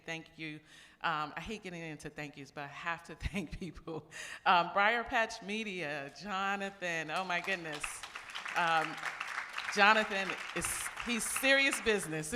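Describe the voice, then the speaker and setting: Middle-aged woman organizer, bright voice, heartfelt thanks, reverberant hall. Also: sits low. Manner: heartfelt, grateful. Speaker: event organizer. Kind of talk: closing remarks and thank-yous. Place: large event hall.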